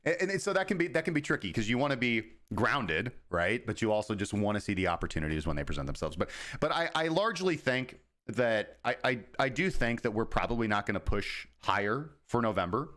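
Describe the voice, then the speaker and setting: A man hosting a casual crypto livestream, speaking at a mid-range pitch. He explains at length in an informal, talky way. Now and then he slips into quick imitations of traders' thoughts. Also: big pitch swings, fairly bright tone. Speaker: crypto market analyst, host. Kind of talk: casual livestream market commentary.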